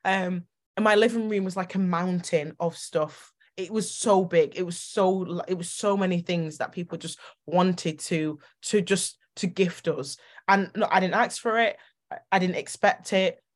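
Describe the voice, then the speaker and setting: A woman hosting a podcast, telling personal stories in an animated, emotional way with quick bursts of speech. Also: lowish voice. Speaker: podcast host. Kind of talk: casual interview chat.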